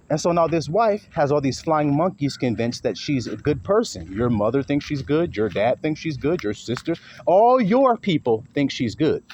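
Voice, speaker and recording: A darkish, medium-pitched male voice belongs to an online preacher giving a blunt monologue. He is emphatic, curses openly and often swings into performing quotes, recorded in dull lo-fi with a faint hiss.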